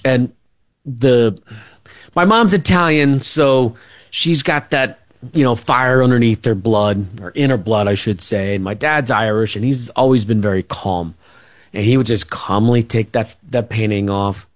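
A man's voice: medium pitch, a little slow, dry recording, studio quality. A middle-aged man, a radio interview guest, telling family stories in a rambling way with many fillers and restarts. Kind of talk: casual storytelling.

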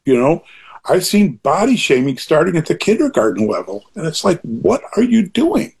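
A man's voice: on the high side, big pitch swings, normal speed, vocal fry, darkish tone, husky. An older man talking as an interview guest, earnest and rambling, often restarting and going off on asides. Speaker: author guest being interviewed. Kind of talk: reflective interview talk.

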